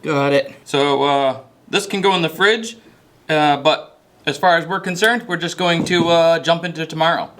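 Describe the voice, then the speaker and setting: A man's voice: a little high, fairly even intonation, moderate pace, a bit bright, slight background noise. A man hosting his own cooking video, chatting casually as he cooks and laughing at his own mistakes. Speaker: cooking channel host.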